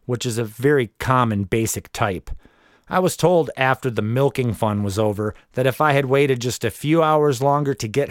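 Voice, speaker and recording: A man's voice: mid-range voice, no echo, clean studio sound. A man narrating his own memoir in the first person, wry and matter-of-fact as he tells it.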